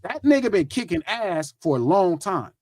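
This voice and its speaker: High-voiced emphatic man. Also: sing-song, moderate pace, darkish tone, no echo, clean studio sound. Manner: emphatic, profane, insistent. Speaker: podcast host. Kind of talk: heated casual debate.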